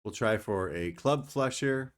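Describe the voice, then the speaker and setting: A young man talks through a card game for his live chat in a low, unhurried voice. He jokes with viewers as he plays. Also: animated. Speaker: streamer. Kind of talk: casual gameplay commentary.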